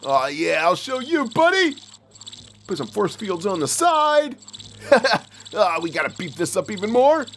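A performer voicing an excitable, giggly male puppet who hosts a kids' game play show, laughing often and making boom and beep sounds. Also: unhurried, a little hiss or hum. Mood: giddy. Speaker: host. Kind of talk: game play commentary for kids.

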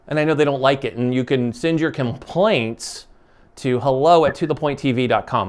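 A man's voice: mid-range voice, moderate pace, darkish tone. Passionate man in his forties hosting. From United States. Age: 40s. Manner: passionate, emphatic, rambling with restarts. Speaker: show host. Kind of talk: conversational interview.

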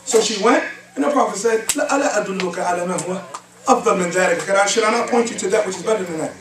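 Talking very fast in a high-sitting voice, an Islamic lecturer recites Arabic verses in a mosque hall and challenges listeners with rhetorical questions such as "huh?" and "what?". Soft music plays behind him, and the recording has an echoey sound, a distant mic, and faint hiss.

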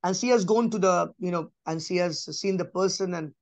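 A man's voice: a little fast, dry recording. Emphatic man teaching scripture. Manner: emphatic, repeats key phrases, drops to a soft low voice. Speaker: preacher. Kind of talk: conversational Bible teaching.

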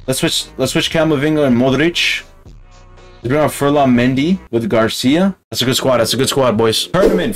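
A man commentating on his own football game matches, excitable and yelling at the screen. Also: medium pitch, normal speed, faint music behind. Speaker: gaming channel host. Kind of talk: gaming commentary.

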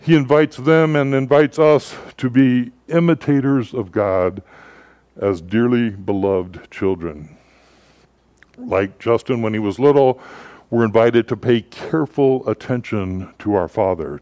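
A man giving a sermon as a pastor, telling stories in a relaxed, conversational way with frequent filler words. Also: on the low side, a little slow, no room sound.

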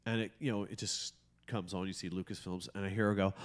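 A man, likely in his thirties, co-hosting a casual podcast and telling stories with lots of swearing and animated outbursts. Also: low-pitched, fast talker. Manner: animated, profane storytelling. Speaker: podcast co-host.

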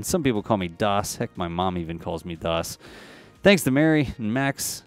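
A man's voice: fairly low pitch, lively intonation, normal speed, no echo, soft background music. A man hosting a show, narrating launch site footage in a casual, jokey, think-aloud voice-over.

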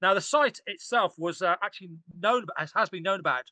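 An archaeologist appears as a guest on a casual podcast, his high-pitched, sharp voice moving fairly quickly on a dry recording. He talks with enthusiasm, rambling and restarting often.

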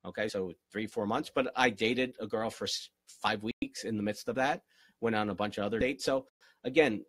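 Man, relationship coach, live q&a, husky voice, dry close sound. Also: on the low side, normal speed, fairly bright tone, dry recording. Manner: earnest and encouraging, repeats key phrases. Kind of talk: live-stream Q&A, motivational advice.

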